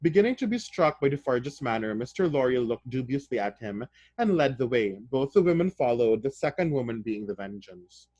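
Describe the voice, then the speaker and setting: A man reading a novel aloud, then breaking off into casual, excited comments to his listeners. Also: mid-range voice, fairly quick, dry recording, muffled recording. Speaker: reader of a novel.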